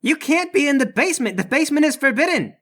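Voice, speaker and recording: A game master voicing a nervous, indignant male guard who speaks in a high, defensive way. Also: sing-song, quick pace, fairly bright tone.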